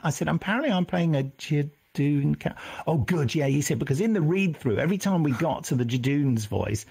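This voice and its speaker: A middle-aged man recalls his work as a voice actor. His delivery is animated and swoops around in pitch, and his voice has a slightly husky, higher-than-usual tone. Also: brisk, hardly any pauses. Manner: animated, acts out voices when quoting people. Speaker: voice actor guest. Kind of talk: anecdotal interview storytelling.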